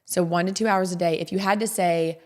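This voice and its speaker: A woman's voice: lowish voice, fairly even intonation, a little fast, darkish tone. A woman hosting a podcast in a casual, rambling monologue, openly emotional and often repeating herself. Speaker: podcast host.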